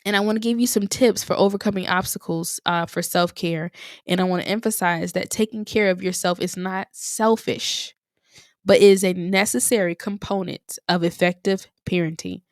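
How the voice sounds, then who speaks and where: A woman's voice: on the low side, fairly even intonation, normal speed, no room sound, studio quality. A young woman hosting a podcast on her own, talking in an encouraging way and repeating phrases for emphasis. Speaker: podcast host. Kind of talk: motivational solo podcast talk.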